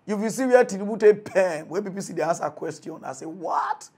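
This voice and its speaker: A man with a Nigerian Pidgin accent hosting a comic mock newscast in an animated, mocking way. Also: high-pitched, fast, husky. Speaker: comedy news host.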